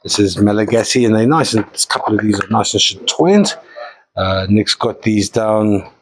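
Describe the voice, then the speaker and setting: A man's voice: lowish voice, moderate pace, poor audio. Chatty man hosting a mineral sale. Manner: chatty, enthusiastic, jokey asides. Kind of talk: casual live sales presentation.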